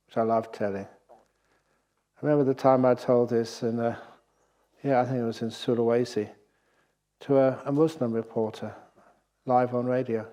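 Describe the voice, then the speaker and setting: A man giving a Buddhist dharma talk at a meditation retreat, telling stories in a lively way and chuckling at his own jokes. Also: medium pitch. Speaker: Buddhist monk teacher.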